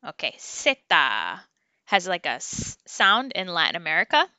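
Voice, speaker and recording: A woman teaching a Spanish phonics lesson online, slowly sounding out syllables for learners to repeat. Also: lowish voice, sing-song, bright, forceful tone, dry recording. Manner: slow, clear drilling of syllables for learners to repeat.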